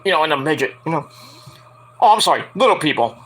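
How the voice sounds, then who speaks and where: A man's voice: medium pitch, expressive, brisk, fairly bright tone. A man giving a casual, profanity-laced solo review of a wrestling match, rambling and acting out what people said with sudden yelps.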